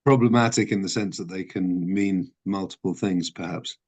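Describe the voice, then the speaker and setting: A man, a rabbi, teaching an adult class in a thoughtful way, often pausing with ums and restarting his sentences. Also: low voice, a little mellow.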